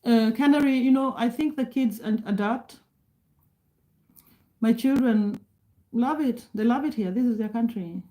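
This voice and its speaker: A woman's voice: a little high, unhurried, long pauses, dark tone, low-quality recording. A middle-aged woman from Kenya chatting casually on a live stream, reading and answering viewer comments, laughing often and restarting sentences.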